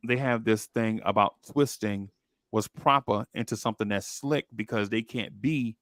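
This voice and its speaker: A man's voice: on the low side, normal speed, a bit bright, no room sound, studio quality. A young man co-hosting a casual podcast chat, rambling and repeating words as he thinks. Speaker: podcast co-host.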